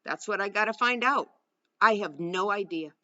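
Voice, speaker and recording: Woman voicing a teen boy, plain-spoken, hurried, dull lo-fi sound. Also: medium pitch, sharp tone, no room sound. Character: teenage boy, earnest and rattled.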